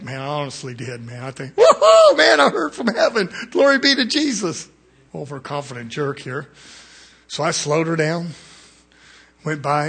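A man preaching a fiery sermon, swinging from quiet asides to shouted peaks. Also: fairly high pitch, slightly rough.

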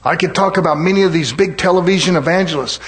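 With a bit of brightness in his voice, this preacher delivers his sermon in a fervent cadence. Amens and hallelujahs punctuate it, and he goes slower and lower whenever he reads scripture.

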